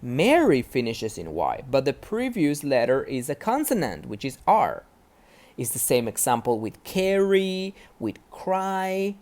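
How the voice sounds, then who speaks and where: A man's voice: medium pitch, very animated, a little slow, darkish tone. A man teaching a grammar lesson step by step, often checking in with "right?". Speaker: English teacher.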